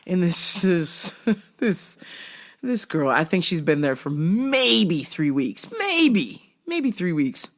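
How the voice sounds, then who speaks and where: Animated foul-mouthed woman storyteller. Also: lowish voice, slow. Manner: animated, swears freely, laughs often. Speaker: podcast host. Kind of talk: comedic storytelling.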